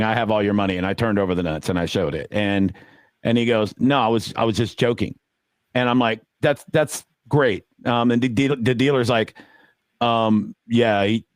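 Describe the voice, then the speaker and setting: A man's voice: medium pitch, steady tone, moderate pace, smooth, no room sound. A man on a poker podcast, telling a story in a casual, rambling way with many fillers and acted-out quotes.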